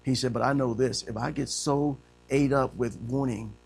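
Gravelly preacher man. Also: medium pitch, moderate pace. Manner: animated preaching, swinging from loud to hushed. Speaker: pastor. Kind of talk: sermon.

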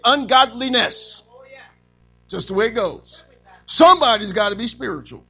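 A male preacher delivering a lively sermon, calling for amens from the congregation. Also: high-pitched, rough recording. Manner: call-and-response, animated, frequent amens.

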